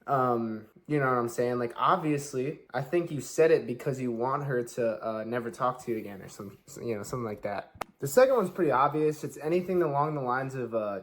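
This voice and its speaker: Man, casual co-host, mid-pitched voice, laid-back and rambling. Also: animated, fairly quick. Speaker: podcast co-host. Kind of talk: casual advice chat.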